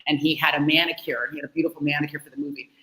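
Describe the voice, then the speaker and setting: A woman's voice: sits low, level tone, rapid-fire, reverberant, noisy background. A woman, host of an improv show, chatting playfully on a video call in a rambling, self-mocking way. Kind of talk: casual video-call chat.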